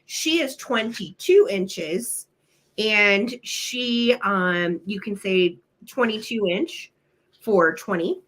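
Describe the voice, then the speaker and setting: Her voice is medium in pitch, slow, and fairly bright. Still a little weak from being sick, she runs a casual vintage sale on a home live stream, staying chatty and friendly and apologizing in passing.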